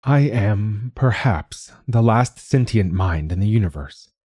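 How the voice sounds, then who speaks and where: A man voicing an ancient, weary machine curator who speaks calmly and politely in an audiobook story. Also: on the low side, slightly rough, no echo, studio quality, exaggerated voice. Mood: resigned. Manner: calm, polite, measured. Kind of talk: audiobook reading.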